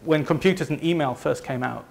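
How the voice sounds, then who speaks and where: A company presenter from Leeds in northern England talks to a live audience with a Northern English accent. His voice is gravelly, a little high, and brisk, and his delivery is conversational and self-deprecating.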